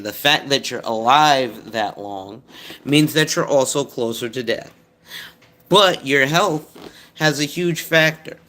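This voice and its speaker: A man in his thirties or forties talks through insurance advice in a blunt, rambling monologue full of profanity. His voice is bright and forceful, at an average pitch for a man. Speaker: insurance advisor host. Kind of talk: casual monologue.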